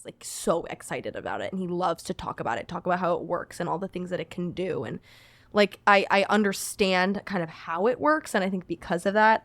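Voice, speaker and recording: A young woman co-hosting a podcast, talking casually with relaxed, rambling sentences. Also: lowish voice, no room sound. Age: young adult. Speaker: podcast co-host. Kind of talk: casual chat.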